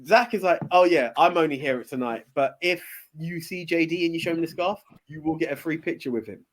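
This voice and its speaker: A man's voice: on the high side, fairly quick. A man, hosting a podcast in casual, enthusiastic chat with many fillers and restarts. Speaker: podcast host.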